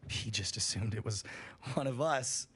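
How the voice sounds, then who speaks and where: A man's voice: lowish voice, normal speed, fairly bright tone, husky. A man on a livestream telling a scary story in a casual, profane way, building suspense. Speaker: streamer.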